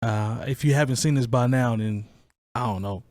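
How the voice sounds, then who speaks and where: A man's voice: medium pitch, moderate pace, darkish tone, no room sound. A man hosting a casual podcast, chatting in an opinionated, conversational way with plenty of restarts. His voice sits in an ordinary middle range. The sound is dry and close, with no room around it. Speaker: podcast host. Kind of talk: casual chat.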